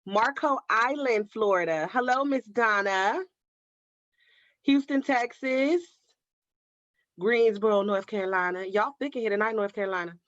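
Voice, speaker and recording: A woman's voice: medium pitch, unhurried, pauses often, fairly bright tone, no room sound. A woman from Oakland hosting a craft livestream, chatting casually with viewers and calling them baby and girl. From Oakland, California. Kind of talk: casual livestream chat reading viewer comments. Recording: dry, slightly dull livestream audio.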